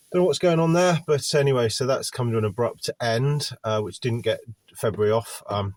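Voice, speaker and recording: A fairly low-voiced Englishman, recorded dry, sits in his van parked by a park, still recovering from a cold. He's a gardener vlogger, and he rambles glumly to the camera in a casual, candid rant that wanders from topic to topic.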